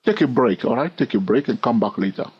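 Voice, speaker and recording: Here a male trading educator with a non-native English accent runs a fast, animated screen-recorded chart lesson, teasing and chatty, tossing in "all right?" to check in. His pitch rises and falls as he goes, his voice slightly husky. The recording has a dull, lo-fi quality.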